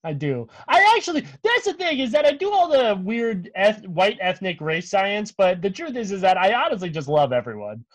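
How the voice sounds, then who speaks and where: A man's voice: high-pitched, normal speed, few pauses, dry recording. A man co-hosting a podcast in casual chat, telling rambling, profane stories with lots of energy. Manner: animated, profane, rambling storyteller. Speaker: podcast co-host.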